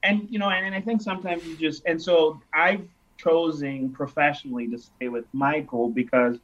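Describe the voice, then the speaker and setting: This man's voice is fairly high, steady, and fairly bright, moving at a moderate pace. He's a Nigerian interview guest in his thirties, reflectively recounting stories and dramatizing the dialogue, on a dull lo-fi recording.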